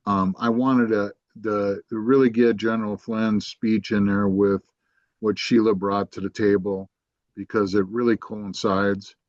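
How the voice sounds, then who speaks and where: Low-voiced podcast host, halting delivery. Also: male voice, no room sound. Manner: hesitant, with frequent ums and restarts. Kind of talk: casual podcast commentary. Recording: dull, dry podcast audio.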